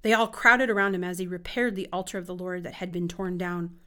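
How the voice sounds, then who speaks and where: A woman reading scripture aloud in an expressive, measured way. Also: on the low side, clear, resonant tone. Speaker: Bible reader.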